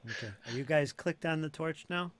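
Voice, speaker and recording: A man narrating a tabletop game as game master, relaxed and conversational, with frequent fillers. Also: on the high side, a little fast.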